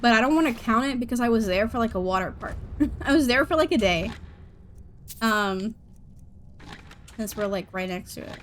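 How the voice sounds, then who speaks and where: A woman's voice: a little high, lively intonation, normal speed, pauses often, slight background noise. A young woman streaming a game, chatting casually, giggling and reacting to chat as she plays. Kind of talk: casual gameplay commentary.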